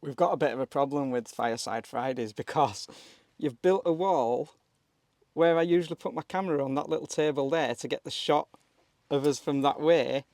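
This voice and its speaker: A man's voice: a little high, normal speed, a little mellow, dry recording, clean studio sound. A man chatting casually and jokily inside a campervan, laughing often. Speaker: van life vlogger. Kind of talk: casual chat.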